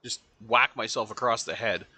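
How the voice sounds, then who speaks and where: Lively, bright-voiced man playing a game. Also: mid-range voice, slightly rough, no echo. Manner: talks to game creatures, swears and laughs often. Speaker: gaming channel host. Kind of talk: let's play commentary.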